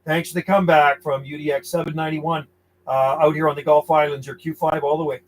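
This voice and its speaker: A man's voice: fairly high pitch, flat delivery, quick pace, very noisy. A man working a CB radio, calling out call signs in a friendly, easygoing way. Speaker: CB radio operator.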